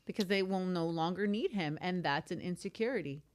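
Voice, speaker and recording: A young adult woman co-hosting a casual sister chat, emphatic and quick to joke. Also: lowish voice. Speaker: podcast co-host.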